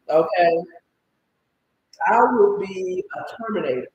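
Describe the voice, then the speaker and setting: High-voiced, emotional male storyteller, echoey room. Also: unhurried, pauses often, highs cut off. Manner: animated, dramatic, voice breaking into cries and shouts. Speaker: storyteller host. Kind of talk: emotional casual story recap. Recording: echoey room with faint background noise.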